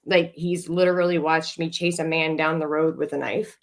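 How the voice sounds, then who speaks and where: Woman podcast host, fairly low voice, blunt storyteller who swears and laughs a lot. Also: fairly even intonation, normal speed, vocal fry. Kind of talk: candid storytelling chat.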